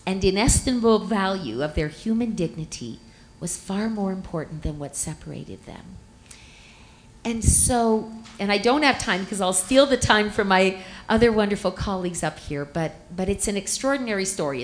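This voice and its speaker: A middle-aged woman giving an earnest, measured speech on a conference panel, stressing her words with feeling. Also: medium pitch, a little hiss or hum, rough recording. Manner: earnest, measured, emphatic speaking.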